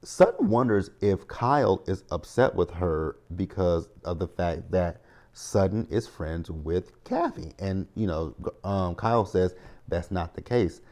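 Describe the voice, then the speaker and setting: A man's voice: deep voice, animated, unhurried, darkish tone. A man in his thirties giving a chatty, opinionated recap of a reality show, talking straight to his viewers. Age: 30s. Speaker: TV recap host.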